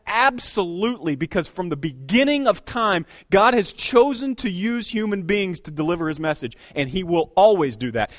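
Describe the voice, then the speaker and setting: Male pastor, 30s, sermon, animated, fairly high voice, self-deprecating. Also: no echo, studio quality. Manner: animated, conversational preaching.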